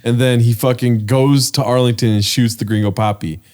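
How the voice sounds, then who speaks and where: A man's voice: medium pitch, fairly even intonation, normal speed, a little mellow. A man co-hosting a comedy podcast who spins long absurd scenarios in casual chat. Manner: spins long absurd scenarios, ends with "you know what I mean". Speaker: podcast co-host.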